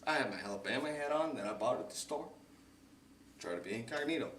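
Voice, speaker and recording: A man's voice: medium pitch, fast talker, recorded from a distance, a little hiss or hum. A young man hosting a podcast, telling a long profane story and acting out other people's voices as he goes. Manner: animated, profane storyteller who acts out other people's lines. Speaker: podcast host. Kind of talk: casual storytelling chat. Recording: echoey room, slightly off-mic.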